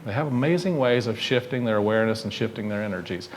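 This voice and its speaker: A man's voice: lowish voice, animated, quick pace, a little hiss or hum. Man preaching a conversational sermon. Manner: conversational, asks the congregation questions. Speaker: minister. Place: church sanctuary.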